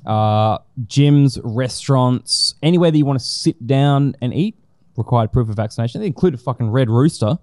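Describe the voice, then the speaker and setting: A man with a mid-range voice and a mellow, dark tone rants bluntly on a casual podcast, swearing freely and filling gaps with ums. The recording is close and dry. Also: mid-range voice, expressive, moderate pace, dry recording. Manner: blunt and sweary, full of fillers. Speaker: podcast co-host. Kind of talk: casual opinionated chat.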